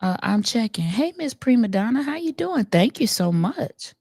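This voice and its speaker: A woman doing an impression of a soft-spoken, gentle woman who greets live stream viewers slowly and hesitantly, with many ums and uhs. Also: fairly high pitch, big pitch swings, breathy edge, no echo, clean studio sound, voice pushed down.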